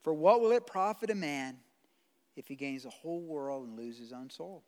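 A man preaching a sermon as pastor, blunt and conversational, swinging from loud pleading to quiet. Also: a little high, lively intonation, normal speed. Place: church sanctuary. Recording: long hall reverb.

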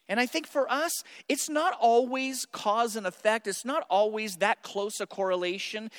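Animated male pastor in a reverberant church. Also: sits high. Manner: animated and playful, with asides to the congregation. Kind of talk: sermon. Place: church sanctuary.

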